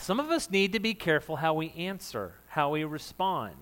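Loud, high-voiced male preacher. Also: very animated, normal speed. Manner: conversational, jokes with the congregation and laughs often; says of himself that he is loud. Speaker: pastor. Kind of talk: sermon.

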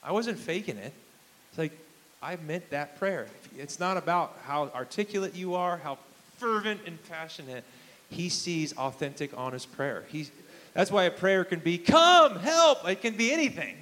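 Expressive and at a normal pace, a man in his thirties preaches a sermon in a church hall, his voice a little high and a bit bright. He talks to the live congregation conversationally and emphatically, frequently asking them questions. The recording quality is low.

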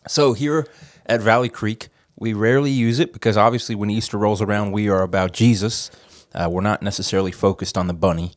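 A man's voice: on the low side, steady tone, fairly quick, hardly any pauses, dry recording, clean studio sound. A man hosting a casual podcast chat, joking and laid-back as he asks the questions. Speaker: podcast host asking the questions.

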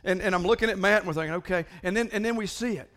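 A man preaching a sermon as pastor, animated, often repeating words in quick bursts. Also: high voice. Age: older than most listeners.

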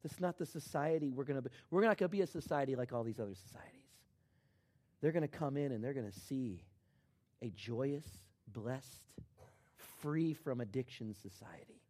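A middle-aged man preaching a sermon, dropping to a hush and then rising to loud, emphatic shouts. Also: medium pitch, normal speed. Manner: swings from hushed to shouting in acted quotes. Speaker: pastor.

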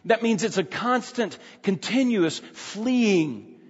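A man's voice: high voice, expressive, slow pace, slightly rough. A man preaching an expository sermon, emphatic, repeating key phrases and often restarting sentences. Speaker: pastor. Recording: dull sound with long hall reverb.

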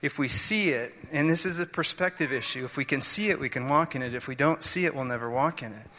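A man delivers a sermon, working through scripture with earnest explanations and frequent restarts. His mid-range voice is bright and cutting, moving at a quick pace, and it rings out in a long, hanging reverb.

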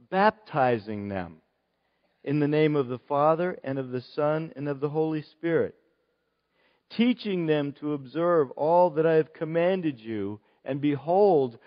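A male pastor delivers a baptism sermon in a slow, deliberate cadence, leaving long pauses between phrases. His voice sits somewhat high for a man, and the recording sounds dull and lo-fi. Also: big-room sound. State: choked up with emotion.

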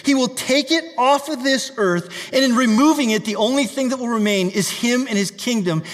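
A male pastor preaches with fervor, reading scripture aloud and urging his listeners. His voice sits very high for a man. The recording carries a long, echoing reverb, as in a large hall. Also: normal speed, hardly any pauses, a bit bright. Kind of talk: sermon.

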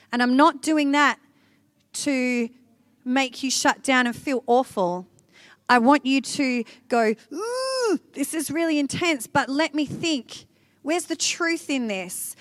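A woman giving an animated, conversational devotional talk, speaking directly to her listeners. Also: fairly high pitch, no room sound.

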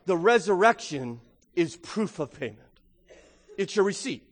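Brief: male pastor, high voice, emphatic sermon delivery, long hall reverb. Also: sing-song, measured pace. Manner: emphatic, rhetorical questions, frequent "right?". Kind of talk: Easter sermon preaching.

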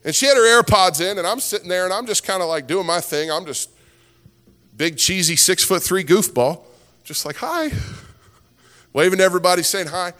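A man's voice: high-pitched, a little fast, fairly bright tone. A man preaching a sermon as a pastor, telling a story and building to impassioned exhortation. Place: church sanctuary with worship music. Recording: reverberant hall with music behind.

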